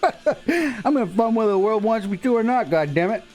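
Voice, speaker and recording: A man's voice: sits high, animated, a little fast, a little mellow, faint music behind. A man hosting a casual live stream from a workshop, rambling and joking and laughing often.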